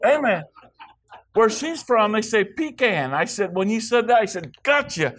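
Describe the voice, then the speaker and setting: A man's voice: sits high, brisk, slight background noise. A guest preacher from Wyoming, a man rambling with joking asides in a church sermon before reading scripture.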